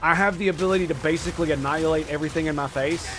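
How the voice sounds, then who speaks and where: A man giving live gameplay commentary as a streamer, excitable and quick to swear and rant in exasperation. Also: a little high, soft background music.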